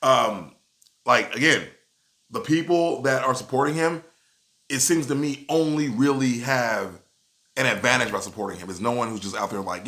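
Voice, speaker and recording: A man giving casual, animated commentary in a video, often asking "you know what I'm saying". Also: mid-range voice, moderate pace.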